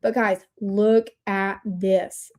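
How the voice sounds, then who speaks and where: A woman from Indiana hosting a casual livestream, bubbly and excitable, chatting straight to her viewers. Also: medium pitch, extremely slow. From Indiana, USA. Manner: bubbly, excitable, talks to chat. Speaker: livestream host.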